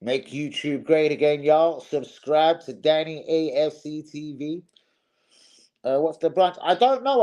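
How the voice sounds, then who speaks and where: A man's voice: a little high, mellow, low-quality recording. A young man hosting a casual live stream, swearing freely and calling his viewers "bros".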